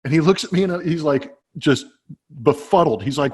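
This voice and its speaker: A man in his forties, a former baseball player, telling a self-deprecating story in a relaxed, chatty way with many fillers. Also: fairly high pitch, a little fast, husky. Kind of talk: casual anecdote telling.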